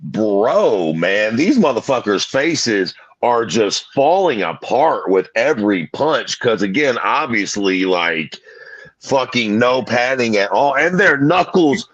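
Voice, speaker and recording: A man's voice: medium pitch, slow pace, no room sound. A man co-hosting a casual podcast, telling stories with a lot of swearing and fillers. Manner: profane, lively storytelling with lots of fillers. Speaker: podcast co-host. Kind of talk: casual chat. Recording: dry, muffled mic.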